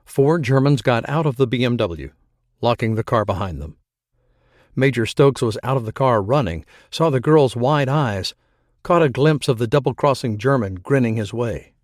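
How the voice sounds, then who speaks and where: A man's voice: mid-range voice, no room sound. Man narrating an audiobook, dry sound. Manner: measured, even storytelling. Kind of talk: scripted narration.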